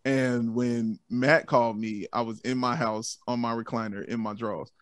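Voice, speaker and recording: A man's voice: mid-range voice, fairly even intonation, normal speed, a bit bright, no room sound. A man talks easily as a guest on a podcast, cheerful and full of laughter. His voice sits in a middle register. The sound is dry and close to the mic. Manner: upbeat, laughs often, says "man" a lot. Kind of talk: casual chat.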